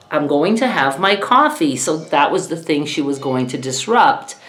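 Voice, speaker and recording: A woman's voice: lowish voice, a bit bright. A middle-aged woman talking frankly to her viewers in a casual vlog, exasperated and often laughing. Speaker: vlogger, caregiver of her mother. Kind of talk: casual talk to camera.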